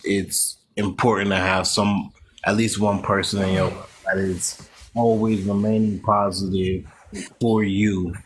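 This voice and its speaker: A man with a slightly low voice earnestly poses questions to the group. There is faint background noise behind him. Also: poor audio. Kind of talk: casual chat.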